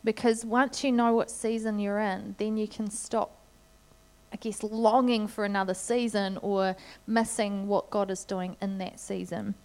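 A woman's voice: mid-range voice, little pitch movement, a little slow, a little mellow. A middle-aged woman, preaching a sermon in a conversational, storytelling way. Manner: conversational storytelling with light laughs.

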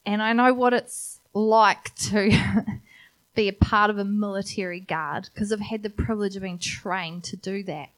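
A woman preaching a sermon at an unhurried pace, her pitch sitting in the middle of the range. She sounds earnest and encouraging and often puts rhetorical questions to the congregation. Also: fairly even intonation.

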